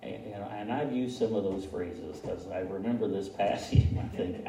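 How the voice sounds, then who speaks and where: A man's voice: lowish voice, moderate pace, crowd noise. A man preaching in a folksy, conversational way, often chuckling at himself, recorded from a distance in a church hall. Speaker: pastor. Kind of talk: conversational sermon. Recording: echoey room, picked up from afar.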